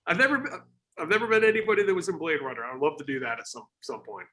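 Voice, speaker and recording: A man's voice: on the high side, fast, bright, forceful tone. A man talking casually as a guest over a video call, hesitant, with many restarts and fillers, earnest in tone. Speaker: podcast guest.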